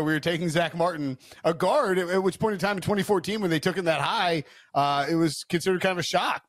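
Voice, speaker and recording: A man's voice: a little high, no room sound, studio quality. A male co-host in a casual sports betting chat who rambles, restarts his thoughts and leans on filler words.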